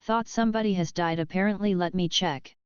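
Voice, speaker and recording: A woman streamer talks to her chat in a loose, offhand way, swearing casually. Her voice is very clean and smooth and a little low, recorded dry and close with slightly dull, lo-fi sound. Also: brisk, no room sound. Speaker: livestreamer.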